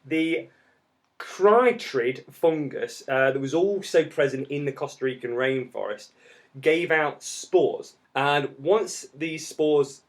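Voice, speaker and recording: Man, 30s, geography teacher, casual podcast, jokey, explains step by step, mid pitch. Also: unhurried.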